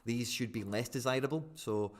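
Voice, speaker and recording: A man chatting casually and excitably on a live stream, rambling with fillers as he answers viewers. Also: medium pitch, moderate pace.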